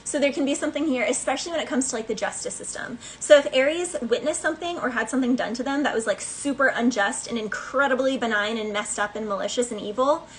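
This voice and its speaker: A woman's voice: fairly high pitch, quick pace, few pauses, a little hiss or hum, low-quality recording. A woman giving a casual tarot reading in a chatty, playful way, laughing between thoughts. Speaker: tarot reader.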